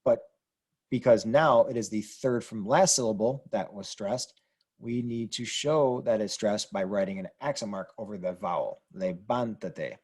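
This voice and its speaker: A man's voice: medium pitch, darkish tone, slightly rough. A man teaching a language lesson, explaining rules patiently and spelling words out letter by letter. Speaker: Spanish teacher. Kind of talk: explaining grammar on a whiteboard.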